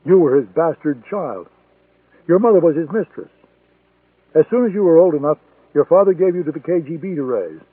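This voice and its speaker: Narrator voicing a defiant male agent, cold, accusing, raised pitch, husky. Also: lively intonation, a little fast, long pauses, no echo. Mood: coldly accusing. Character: defiant male intelligence agent, calm but furious. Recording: tinny phone-like sound, dry.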